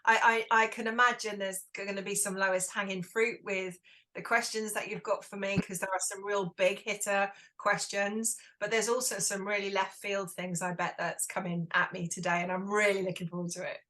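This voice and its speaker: A middle-aged woman, a guest on an interview podcast, animated and playful as she tells stories. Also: medium pitch, moderate pace. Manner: lively, animated storyteller, playful. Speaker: guest, wellness entrepreneur. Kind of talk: casual interview chat.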